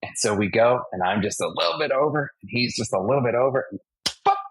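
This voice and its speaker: A man in his forties from Massachusetts, a stunt performer telling animated stories in an interview and acting out the impacts. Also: mid-range voice, fast talker, slightly rough, no room sound, rough recording. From United States (Massachusetts). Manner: animated anecdotes, acts out impacts and sound effects. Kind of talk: casual storytelling interview.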